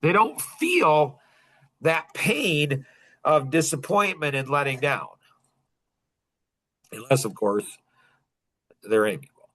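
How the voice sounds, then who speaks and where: A middle-aged man leading a coaching group, telling a personal story in a casual, animated way with frequent laughter. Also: a little high, takes it slowly, long pauses.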